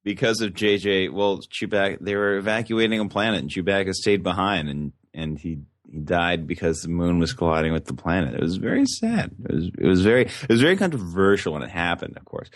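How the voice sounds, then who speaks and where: Deep-voiced man, joking podcast co-host. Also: no echo, studio quality. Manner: joking, halting with many restarts. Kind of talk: casual chat.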